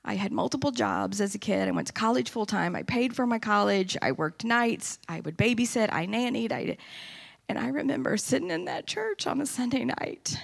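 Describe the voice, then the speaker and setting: A middle-aged woman giving a personal testimony at church, telling her story in an earnest, animated way. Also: on the high side, normal speed, vocal fry.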